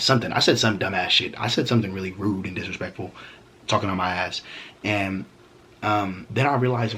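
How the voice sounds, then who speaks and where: A man's voice: on the low side, fairly quick, fairly bright tone, a little hiss or hum. A young man vlogging a storytime, talking casually with heavy slang, swearing and fillers.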